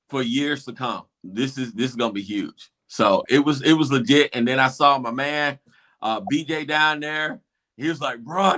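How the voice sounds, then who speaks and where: A man, hosting a show and excitedly retelling a football game, acting out the crowd's reactions. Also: medium pitch. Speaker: show host. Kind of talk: animated game recap.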